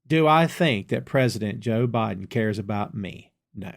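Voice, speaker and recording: Folksy exasperated American podcast host. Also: male voice, lowish voice, expressive, normal speed, creaky. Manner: folksy, exasperated, talks straight to listeners. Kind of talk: solo political commentary podcast.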